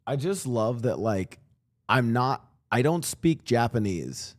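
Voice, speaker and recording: A man's voice: mid-range voice, big pitch swings, slow. A young man hosting a casual reaction stream, rambling and swearing with frequent restarts, on a streaming mic at home. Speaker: streamer and podcast host.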